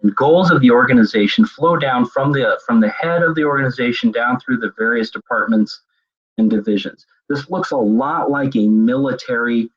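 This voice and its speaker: Husky-voiced man lecturing on muffled audio. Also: medium pitch, normal speed. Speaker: web seminar presenter. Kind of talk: recorded leadership lecture. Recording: dull lo-fi web seminar audio.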